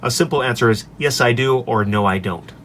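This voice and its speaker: A man who teaches English, recorded in his office on a desk microphone, walking through his lesson slides in an upbeat way and saying each example sentence clearly. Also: mid-range voice, a little fast, a bit bright, a little hiss or hum. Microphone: desk microphone on an extension arm.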